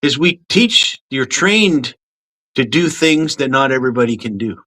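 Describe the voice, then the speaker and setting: A man from Canada telling lively, swear-laced stories from his cadet days in a casual chat. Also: medium pitch, unhurried. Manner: animated storyteller, swears casually.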